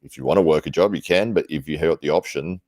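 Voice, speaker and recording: Very deep-voiced man hosting. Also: quick pace, dry recording, studio quality. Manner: relaxed, chatty, laughs easily. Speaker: podcast host. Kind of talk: casual chat.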